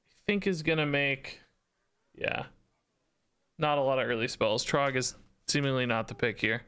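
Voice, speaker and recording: Male game streamer, bright ringing voice, smooth and clear, chatty casual commentary. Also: mid-range voice. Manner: chatty, thanks subscribers, thinks aloud. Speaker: Twitch streamer.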